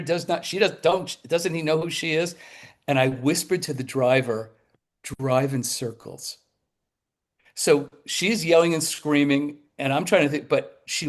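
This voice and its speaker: A man in his seventies, a talk show guest telling lively anecdotes, acting out the people in his stories as he goes, with some quick bursts and restarts. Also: a little high. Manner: animated storyteller who acts out the people in his tales. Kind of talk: anecdotal storytelling.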